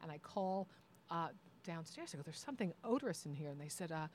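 Animated storytelling woman comedian. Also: low voice, fast. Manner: animated, acts out quoted voices. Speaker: comedian guest. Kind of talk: casual storytelling chat.

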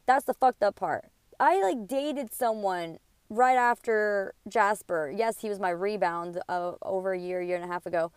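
An indignant woman in her thirties vents a personal story on her podcast, cursing freely as she rambles from one grievance to the next. Her voice is smooth and clear, and the recording is close and dry. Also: mid-range voice, moderate pace, dry recording. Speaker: podcast host.

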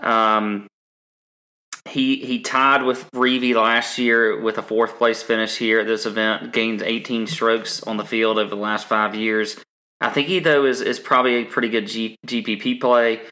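A man's voice: lowish voice, level tone, normal speed, sharp tone. A man co-hosting a podcast, chatting casually with lots of ums and restarts. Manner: rambling, frequent ums and restarts. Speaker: podcast co-host.

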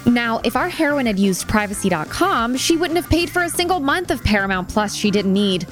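A woman's voice: fairly high pitch, big pitch swings, fairly quick, a bit bright, soft background music. A woman hosting a podcast who listens encouragingly and reads an ad playfully. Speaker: podcast host. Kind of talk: casual podcast chat and read ad.

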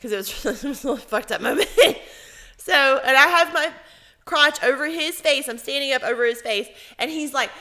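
A woman's voice: high-pitched, normal speed. A woman co-hosting a podcast in casual chat, telling crude stories with lots of laughter. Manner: crude, animated storytelling, laughs a lot. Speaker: podcast co-host.

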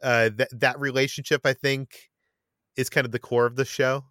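A man's voice: medium pitch, level tone, moderate pace, sharp tone, no room sound, studio quality. Stammering man hosting a casual chat. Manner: stammering restarts, many fillers. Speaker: podcast host.

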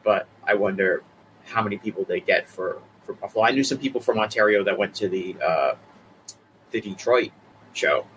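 A man from the Boston area with a Boston accent, co-hosting a casual wrestling chat and getting animated as he repeats words. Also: fairly low pitch, moderate pace, slight background noise, poor audio. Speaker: co-host.

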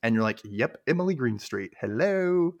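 A man's voice: fairly low pitch, animated, normal speed, fairly bright tone, muffled recording. A man co-hosting a podcast, casually recapping a TV episode and acting out the characters' lines in put-on voices. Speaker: podcast co-host.

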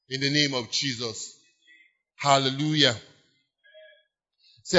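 Emphatic pastor, bright tense voice. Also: male voice, fairly high pitch, animated, moderate pace, pauses often. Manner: emphatic, repeats key phrases and stretches words for stress; leads the congregation in call-and-response declarations. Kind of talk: sermon. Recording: dull lo-fi church sermon recording.

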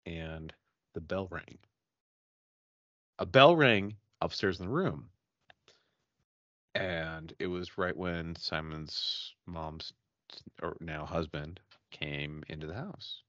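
A man hosting a casual podcast, telling a story in a loose, profane, animated way while hanging out and drinking. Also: sits low, takes it slowly, long pauses, no room sound, dull audio. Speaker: podcast host.

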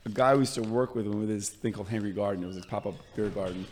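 A man's voice: fairly low pitch, fast talker. A young adult man hosting a podcast interview in casual, chatty talk, sometimes repeating words as he thinks. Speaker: podcast host. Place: studio room in Queens, New York. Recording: long reverb.

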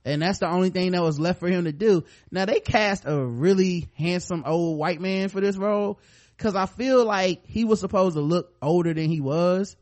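A man's voice: sits high, moderate pace, a little mellow. A man hosting a podcast, recapping a show in loose, profane, storytelling chat. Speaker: podcast host.

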